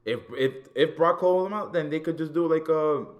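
A man in casual, animated, profane chat about wrestling as a podcast co-host, often repeating words as he gets going. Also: a little high, fast, highs cut off.

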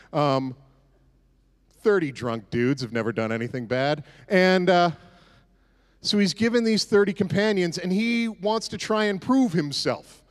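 A man preaching a casual, conversational sermon with sarcastic, joking asides. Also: medium pitch. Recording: echoey hall reverb.

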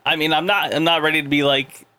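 A man's voice: fairly high pitch, steady tone, quick pace, bright, forceful tone, clean tone. A young man hosting a podcast, chatting casually with a co-host, swearing a lot and laughing often. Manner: laughing, swearing, joking banter. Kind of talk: casual chat.

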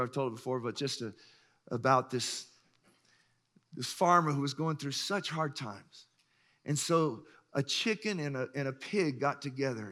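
A middle-aged man preaching a sermon, telling stories with lively acted-out voices and frequent chuckles. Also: on the high side. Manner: animated storyteller, acts out voices, chuckles often. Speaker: pastor.

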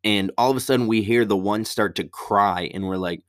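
A man's voice: on the low side, brisk, dry recording, clean studio sound. A young man, a stand-up comic, telling a profane story in casual chat. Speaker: stand-up comedian.

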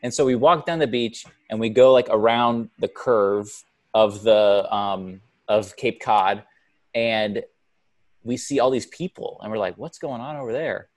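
A man co-hosting a casual podcast chat, telling a story in an animated way with many fillers. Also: lowish voice, unhurried. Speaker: podcast co-host.

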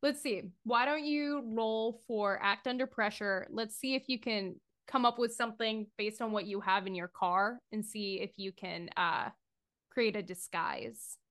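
A woman running a tabletop horror game as game master, narrating with animated, giggly energy. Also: mid-range voice, measured pace.

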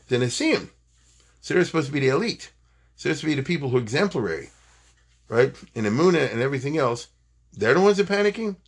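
Husky-voiced man teaching an informal Torah class. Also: mid-range voice. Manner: animated, digressive storytelling with Hebrew phrases.

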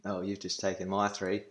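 A man's voice: sits low, sharp tone, slight background noise. Man, young adult, Australian accent, podcast co-host, casual storytelling, laughs a lot. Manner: laughs often while telling stories.

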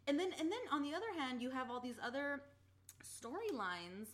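A woman's voice: high-pitched, big pitch swings, moderate pace, fairly bright tone. A young woman co-hosting a casual TV recap podcast, talking animatedly with lots of laughter, frequent "like" and casual swearing. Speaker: podcast co-host.

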